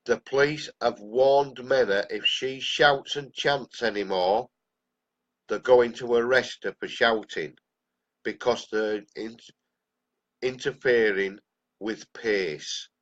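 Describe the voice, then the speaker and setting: A man's voice: medium pitch, slow. Angry older English man with a cold. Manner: angry, blunt, ranting. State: has a cold. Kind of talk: live-stream rant. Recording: dull lo-fi live-stream audio.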